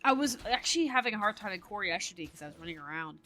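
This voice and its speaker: A woman's voice: mid-range voice, animated, racing, sharp tone. A woman chatting casually while playing a game, telling stories in a rambling way and laughing often. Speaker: gamer. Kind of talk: casual gameplay commentary.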